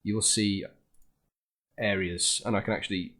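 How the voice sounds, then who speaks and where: A man's voice: fairly low pitch, fairly even intonation, moderate pace, sharp tone, a little hiss or hum. A man narrating as game master of a tabletop game over voice chat, hesitant with lots of ums.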